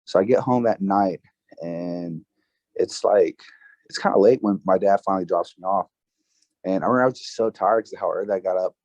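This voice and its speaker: A man in his twenties, a podcast guest, telling a personal story in a casual, halting way with many fillers and restarts. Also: deep voice, a little mellow, dry recording, lo-fi sound. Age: 20s. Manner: emotional, recounting grief.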